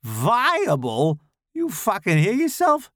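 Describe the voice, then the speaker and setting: A man's voice: high-pitched, wildly swooping pitch, slow, a bit bright, no room sound, clean studio sound, pitched above the performer's own voice, exaggerated voice. A man voicing a crude, taunting young man who swears and jeers. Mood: mocking. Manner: jeering, vulgar, cackling.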